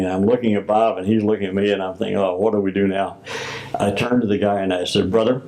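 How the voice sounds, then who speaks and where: An older man from the United States recalls past events in a slow, storytelling way, acting out the exchanges he quotes. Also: on the low side, creaky, a little mellow, low-quality recording. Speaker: former Masonic grand master. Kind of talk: oral history recollection.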